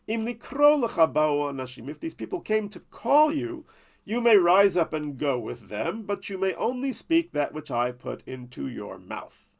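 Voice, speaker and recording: A man's voice: a little high, big pitch swings, moderate pace, creaky. A man voicing God, giving solemn commands. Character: commanding divine male voice.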